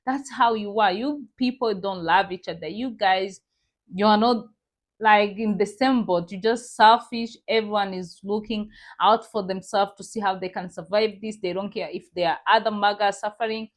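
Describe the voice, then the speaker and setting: A woman's voice: mid-range voice, normal speed. A woman hosting a reaction vlog, delivering indignant commentary and repeating her points to her viewers.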